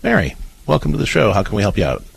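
A man's voice: lowish voice, huge pitch swings, racing, vocal fry, slightly rough. A man hosting a call-in radio show, giving parenting advice in a conversational way that often repeats words at the start of sentences.

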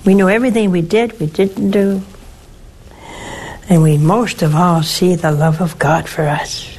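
An older woman, a nun who hosts a call-in show, speaks in a slow, deliberate way. Her counsel is earnest and motherly, gently pressing her point again and again. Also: lowish voice, a little hiss or hum, rough recording.

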